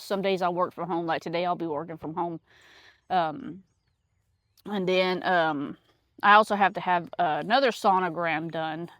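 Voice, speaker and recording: A woman's voice: on the low side, dry recording. A woman chatting casually outdoors in her garden, rambling with lots of fillers. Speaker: homesteader vlogger. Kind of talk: casual chat.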